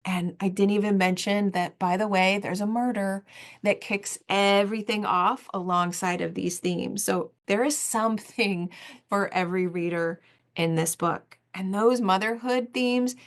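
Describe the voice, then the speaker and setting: A woman in her forties talks through a solo podcast episode as its host. Her pitch sits in the middle for a woman, and her delivery is earnest and heartfelt. She leans on repeated phrases to drive her points home. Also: steady tone, unhurried.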